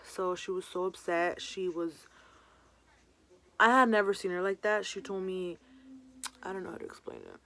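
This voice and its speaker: A woman's voice: on the low side, sing-song, moderate pace, long pauses, bright, forceful tone. A young woman vlogger telling a personal story in a casual storytime, full of "um" and "like". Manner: chatty, many fillers like "um" and "like".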